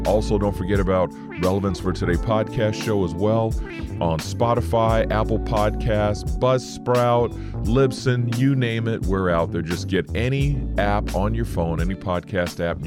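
A man's voice: fairly low pitch, moderate pace. A middle-aged man, a podcast host and minister, praying earnestly and then signing off his show with heartfelt repetition. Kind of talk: spoken prayer and podcast sign-off. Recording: loud guitar music behind. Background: loud guitar music.

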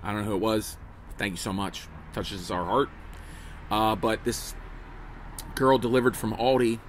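On a phone camera outdoors at a table by a house, a middle-aged comedian talks to his daily livestream audience in a casual, joking ramble with restarts and asides. His voice is on the low side and level in tone, at normal speed with long pauses, and there's slight background noise.

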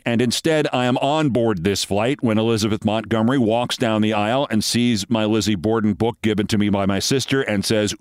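A man's voice: fairly low pitch, clear, resonant tone, dry recording. A man in his sixties telling a long personal story as podcast host, wry and dry, acting out the quoted lines. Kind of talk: storytelling monologue.

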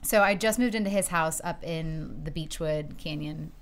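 A middle-aged woman telling an embarrassing story in a casual podcast chat, animated and giggly, acting out her own quotes. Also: sits low, moderate pace. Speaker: podcast guest.

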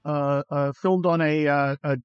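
A man's voice: on the high side, steady tone, a little slow, smooth, no echo, lo-fi sound, soft background music. A man hosting a podcast in casual political chat, rambling with many fillers and blunt, profane remarks. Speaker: podcast host.

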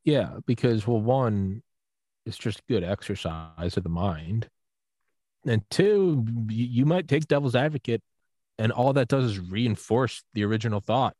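A man in the middle of the usual pitch range talks on a podcast, casual and loose. He swears freely and jumps into acted-out quotes while he makes his point. The sound is dry and close, with no room around it. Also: measured pace, no room sound. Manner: profane, animated storytelling with acted-out quotes. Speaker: podcast host.

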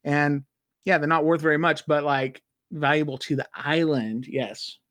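A man's voice: fairly high pitch, normal speed, no echo. Male co-host, casual recap chatter, rants easily, dry close sound. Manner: animated, rants with filler words. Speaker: podcast co-host. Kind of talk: casual chat recapping a TV episode.

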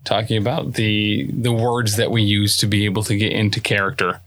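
A man's voice: on the low side, steady tone, moderate pace, a bit bright, no echo. A man player chatting casually, wry and teasing toward his friends. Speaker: player voicing Lucky. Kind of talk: casual chat among players.

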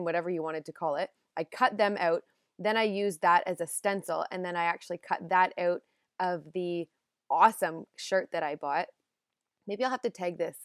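A woman's voice: lowish voice, dry recording, studio quality. A young woman hosting a podcast, telling a story in a chatty, self-deprecating way and laughing at herself. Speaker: podcast host. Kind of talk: casual storytelling monologue.

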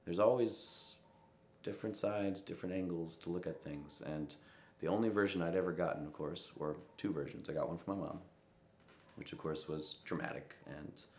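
A young man with a very low, deep voice recalls a personal story in an interview. He talks reflectively and drops into soft quoted asides, and the room around him rings with echo. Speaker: musician interviewed.

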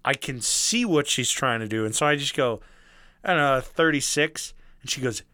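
A young man telling a story in casual chat, animated, swearing freely and acting out the people he quotes. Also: mid-range voice, a little fast, dry recording.

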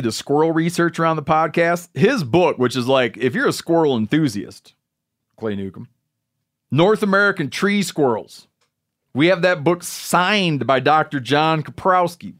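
A man's voice: fairly high pitch, a bit bright. A man hosting a podcast, telling a rambling, joking story in casual chat. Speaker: podcast host.

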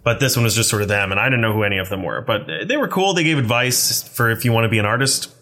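A man's voice: on the low side, quick pace, pushed and bright. A man co-hosting a podcast, chatting casually and rambling a little, with a wry, self-deprecating manner. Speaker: podcast co-host. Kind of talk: casual chat.

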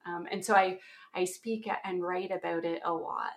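A woman's voice: lowish voice, fairly even intonation, moderate pace. Canadian woman guest, 40s, chatty storyteller who laughs a lot. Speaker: guest, application security author. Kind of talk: casual interview chat.

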